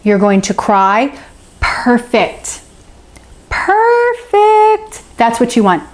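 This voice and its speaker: A woman's voice: mid-range voice, fairly even intonation, takes it slowly. A woman hosting a spiritual self-help channel, teaching to camera in an encouraging way that keeps checking in with "okay?" and repeats phrases for emphasis. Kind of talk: teaching to camera, answering a viewer.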